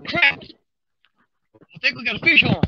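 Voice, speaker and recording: A man, streaming live from a river bank and talking excitedly to his viewers while he fishes. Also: very high voice, unhurried, lo-fi sound, heavy background noise. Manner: excited, drawling, talks to viewers while reeling. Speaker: fishing livestreamer.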